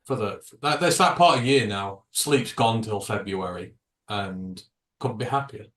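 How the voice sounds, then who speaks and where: A man's voice: on the low side, a little slow, a bit bright, far from the mic. A man teases and banters as a co-host of a casual live stream. He sits well back from the microphone, and the room adds a noticeable echo. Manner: teasing, banter-driven. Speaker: podcast co-host. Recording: roomy and off-mic.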